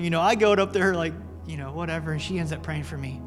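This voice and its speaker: A man's voice: fairly high pitch, fairly even intonation, fairly quick. A male pastor preaching a sermon, telling stories in a casual, earnest way with fillers like "man". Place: church sanctuary. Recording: long reverb with faint music in a church.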